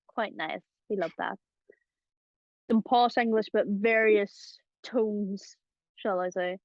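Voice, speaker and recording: A woman's voice: on the high side, no echo. Chatty woman host, dull dry sound. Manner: chatty, laughing, lots of fillers. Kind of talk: casual chat about voice acting.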